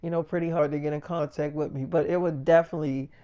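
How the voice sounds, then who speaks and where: Man voicing a playful young actress, teasing, eager, questions, voice lifted a bit higher, smooth. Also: steady tone, fast, warm tone, natural voice. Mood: apologetic. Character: young woman, a busy, playful film actress.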